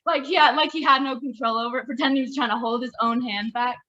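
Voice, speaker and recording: A woman with a bright, forceful voice and a fairly high pitch tells a family story in a casual way. She stays animated and laughs along with her own memories. The sound is a little muffled. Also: quick pace, hardly any pauses. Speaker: family member sharing memories. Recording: slightly muffled audio.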